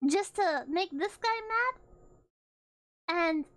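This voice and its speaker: A woman's voice: very high voice, animated, slow, a bit bright, no room sound. A woman streamer chatting casually, rambling with frequent laughs and swearing. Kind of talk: casual chat.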